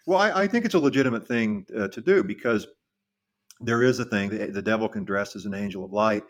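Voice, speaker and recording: Lower-voiced man retelling history, halting. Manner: halting, with frequent restarts and repeated words. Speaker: podcast co-host. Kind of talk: casual conversational storytelling.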